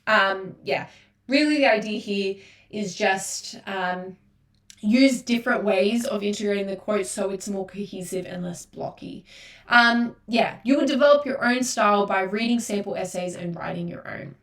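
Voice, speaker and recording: A woman's voice: medium pitch, moderate pace, fairly bright tone. A woman with an Australian accent giving a casual exam-prep lesson, chatty and full of fillers. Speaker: tutor. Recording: echoey room, far from mic.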